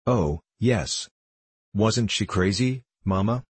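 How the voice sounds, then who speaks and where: A man reading an audiobook, voicing a small earnest girl with slow, childlike questions. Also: lowish voice, slightly rough, no room sound, full character voice.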